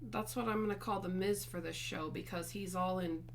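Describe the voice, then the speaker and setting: A woman's voice: medium pitch, steady tone, moderate pace, a little hiss or hum. A young woman co-hosting a casual show, playful and teasing, laughing easily. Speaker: co-host. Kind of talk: casual chat.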